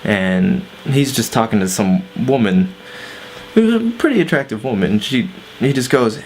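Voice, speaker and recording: Low-voiced man telling a story, swearing. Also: expressive, moderate pace, slight background noise. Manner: laid-back, swears, lots of fillers. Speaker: vlogger. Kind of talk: casual storytime vlog.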